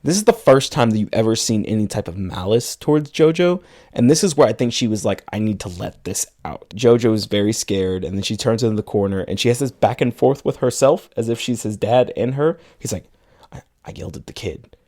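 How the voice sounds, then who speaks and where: Low-voiced man recapping a film. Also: a little fast, dark tone. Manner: retells the plot at length, quotes characters in passing. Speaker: podcast co-host.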